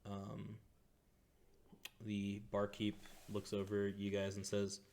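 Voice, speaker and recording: A man narrating as game master of a tabletop game, relaxed and loose, with plenty of fillers. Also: lowish voice, slow, creaky.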